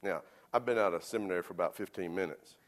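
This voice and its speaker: A man's voice: low-pitched, fast talker. A male pastor preaching a sermon in a conversational, self-deprecating storytelling manner.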